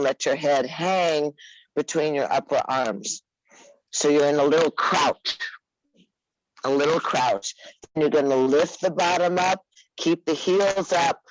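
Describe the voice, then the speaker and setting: A woman teaching a live yoga class, giving unhurried, coaxing cues and teasing her students by name. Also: low-pitched, no room sound, muffled recording. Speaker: yoga instructor.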